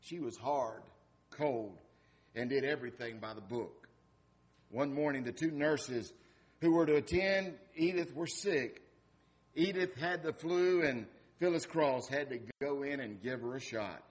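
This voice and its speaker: Pastor, male, sermon storytelling, mid-pitched voice, dramatic delivery. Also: unhurried. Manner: dramatic storytelling with wide swings in loudness.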